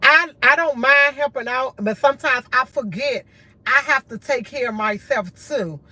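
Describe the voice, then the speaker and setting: A woman's voice: high-pitched, moderate pace, sharp tone, no room sound. A tired woman, talking candidly and earnestly to her livestream viewers in short, repeated phrases. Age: adult with a school-age son, in college. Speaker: livestream host.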